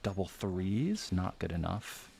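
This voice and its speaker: A man giving live game commentary in a hushed, near-whispered voice, thinking aloud about each move. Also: deep voice, sing-song, takes it slowly, creaky. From United States. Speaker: backgammon commentator.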